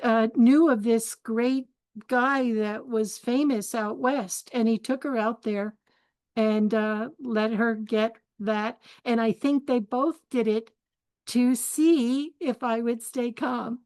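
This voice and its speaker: Older woman host, unhurried, chatty storyteller, dry close sound. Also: a little high, steady tone, darkish tone, no echo. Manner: chatty and candid, laughs often, gives life advice. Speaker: spiritual forum host. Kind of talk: storytelling talk.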